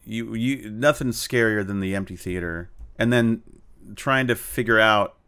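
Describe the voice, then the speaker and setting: A man's voice: on the low side, measured pace, smooth. Man telling stories, lots of ums. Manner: animated anecdotes with many fillers and restarts. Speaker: guest, cartoonist and tabletop game player. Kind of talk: casual storytelling interview.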